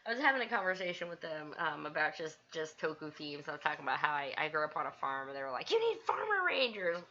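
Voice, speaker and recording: Excitable woman host for a home-studio stream, bright and animated, a little lo-fi. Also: deep voice, fast. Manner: excitable, laughs often, rambling. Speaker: livestream host. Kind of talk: casual livestream chat. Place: home studio with green screen.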